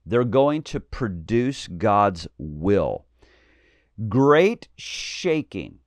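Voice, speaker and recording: A man's voice: low-pitched, no echo, clean studio sound. A man preaching a fiery, emphatic sermon, with bold declarations and mocking asides.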